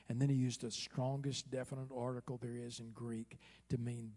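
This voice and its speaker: A man preaching a sermon from the pulpit of a church, who moves from quiet, hushed asides to slow, loud, soaring exclamations. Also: medium pitch, level tone. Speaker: pastor. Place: church sanctuary.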